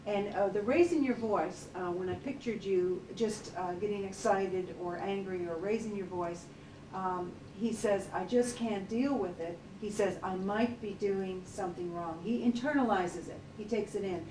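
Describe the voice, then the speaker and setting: A woman working as an animal communicator, talking gently and hesitantly in a relaxed consultation, with many fillers. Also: medium pitch, moderate pace. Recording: distant, roomy, noisy field recording.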